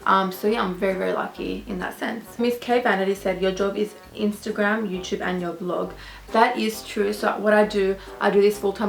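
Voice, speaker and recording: A woman's voice: medium pitch, flat delivery, fairly quick, creaky. A young Australian woman vlogging casually, answering viewer questions in a gushing, chatty, affectionate way. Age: young adult. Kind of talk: casual Q&A vlog. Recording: echoey room with faint music.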